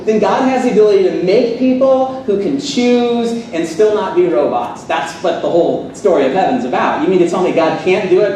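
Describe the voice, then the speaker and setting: A man's voice: a little high, noisy background. A man giving a sarcastic, fired-up debate speech to a live audience at a seminary. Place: seminary hall. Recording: echoey hall, distant mic.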